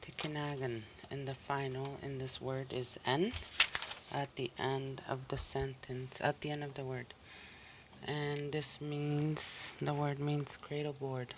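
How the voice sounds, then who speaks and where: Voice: medium pitch, slow pace, a little hiss or hum. A language teacher on a recorded listening lesson, repeating each word patiently and breaking it into syllables. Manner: patient, even explaining tone.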